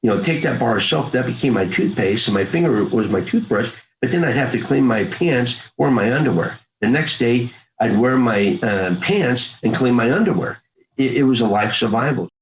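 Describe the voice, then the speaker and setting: A man's voice: medium pitch, animated, normal speed, low-quality recording. A man in his sixties, a former Marine, telling his story as an interview guest in an earnest, folksy way and acting out old family talk. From United States. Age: 60s. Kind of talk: conversational storytelling.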